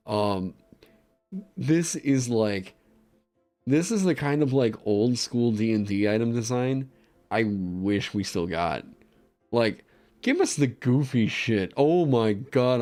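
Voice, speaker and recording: A man chatting on a livestream in an excitable way, swearing freely and breaking into laughter. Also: on the low side, slow, faint music behind. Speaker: streamer designing game content. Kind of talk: casual livestream chat.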